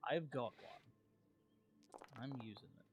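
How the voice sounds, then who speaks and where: A man's voice: medium pitch, slow. A man playing in a tabletop game over voice chat, joking and swearing freely. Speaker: player.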